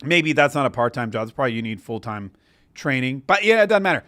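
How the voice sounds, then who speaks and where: A man's voice: mid-range voice, very animated, fast talker, sharp tone, no echo, clean studio sound. American guy hosting a live stream, rambly storyteller, keeps restarting sentences. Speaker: host of a live stream show. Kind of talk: casual live-stream chat.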